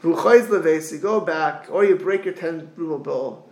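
A man teaching an animated religious lesson, acting out reluctant people in quick asides. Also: on the high side, reverberant. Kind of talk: animated lecture.

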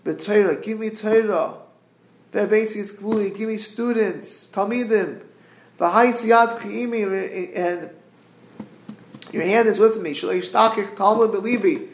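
High creaky-voiced man teaching Torah. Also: echoey room, a little hiss or hum. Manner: earnest, halting, quotes Hebrew verses then translates. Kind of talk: Torah class given over a group call. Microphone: group call line.

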